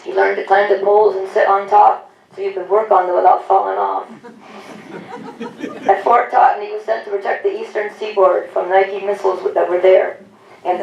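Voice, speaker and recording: Woman announcer, gravelly edge, reads tributes off a far mic in a roomy hall. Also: medium pitch, darkish tone, lo-fi sound. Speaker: announcer reading veterans' service stories. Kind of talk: read-aloud tributes at a public event. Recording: echoey room, distant mic, faint noise.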